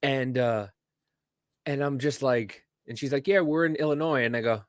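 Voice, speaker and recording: A man's voice: mid-range voice, normal speed, no room sound, clean studio sound. A man from New Jersey hosting a podcast, joking in casual chat and swearing freely. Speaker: podcast host.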